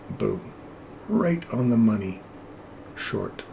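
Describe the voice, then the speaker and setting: A man hosting a live trading stream, explaining chart entries in a relaxed, jokey way. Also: fairly low pitch, measured pace, gravelly, a little hiss or hum. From England.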